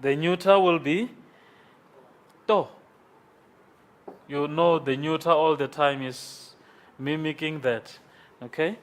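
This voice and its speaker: A man's voice: fairly high pitch, steady tone, slow, pauses often. A man teaching Greek in a classroom, congested from sinus trouble, who patiently repeats each form and checks in with "okay?". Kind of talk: classroom lecture. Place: classroom with a board.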